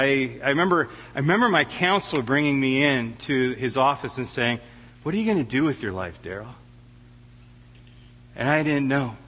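A man's voice: mid-range voice, pushed and bright. Emotional male preacher in a reverberant church. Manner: emotional, stammering restarts. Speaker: guest preacher. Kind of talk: sermon. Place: church sanctuary.

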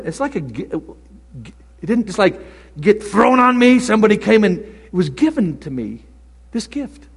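A pastor preaching with big swings between loud exclamations and near-whispers. His voice sits high and a little breathy. It rings out through a large reverberant hall. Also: big pitch swings, moderate pace. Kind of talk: sermon.

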